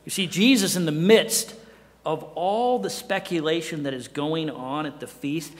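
Middle-aged male pastor with a fairly high voice, preaching conversationally with quiet drops for emphasis, in a church hall with a long echo. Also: measured pace. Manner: asks the listeners rhetorical questions. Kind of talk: sermon.

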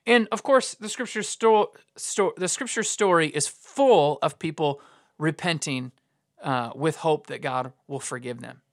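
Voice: medium pitch, measured pace, no echo, studio quality. A pastor preaching a conversational sermon in an informal way, often repeating and restarting words.

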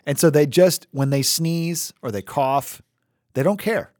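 A man in his thirties, co-hosting a podcast in casual chat, animated and laughing, slipping into other voices as he tells stories. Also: on the high side, measured pace, no echo, clean studio sound. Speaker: podcast co-host.

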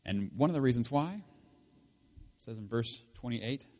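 A man preaching a sermon in a conversational, emphatic way, his voice rising loud and dropping low. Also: lively intonation, normal speed. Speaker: pastor.

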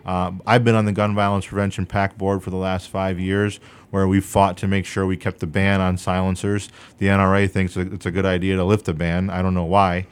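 Low-pitched and clean, with flat delivery, the voice belongs to a young man campaigning for state senate. He takes interview questions earnestly and carefully, with lots of filler words.

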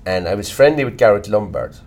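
Blunt Irish man, lively swings in pitch. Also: fast, vocal fry, slight background noise. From Ireland. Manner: blunt, swears casually, animated storyteller. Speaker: actor, guest. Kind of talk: candid conversational interview.

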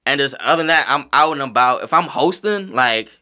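A man from the American South telling stories on a podcast, profane and animated, acting out his own reactions. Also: mid-range voice, brisk. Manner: profane, animated storytelling, calls himself introverted. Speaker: podcast host, stage host and performer. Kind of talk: casual podcast storytelling.

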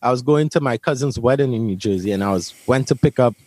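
A man's voice: mid-range voice, fast, a little mellow, dry recording. A man from Brooklyn, New York, telling a personal story to an interviewer in a vivid, emphatic way, often repeating his words. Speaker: interview guest. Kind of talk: storytelling in conversation.

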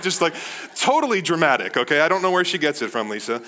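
A man in his thirties preaching a sermon as pastor, animated, often calling his listeners "guys". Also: a little high, fast talker. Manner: animated, addresses the crowd as guys.

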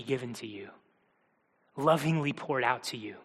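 A man preaching a sermon, earnest, moving between hushed quiet passages and urgent, pressing ones. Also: mid-range voice, a little fast, slightly rough. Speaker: pastor. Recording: long hall reverb.

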